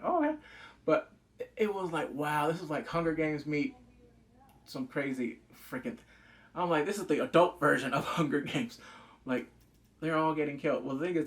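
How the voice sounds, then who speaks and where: A man giving a casual spoken review of a series, excitable and rambling, swearing freely and acting out quoted lines. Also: a little high. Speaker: show reviewer.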